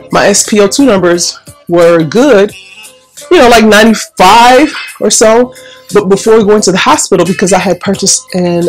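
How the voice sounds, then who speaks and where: A woman telling a personal story in a chatty, animated way, acting out what people said. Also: fairly low pitch. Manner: chatty, animated, restarts and acts out quotes. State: recovering breath after illness. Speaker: vlogger.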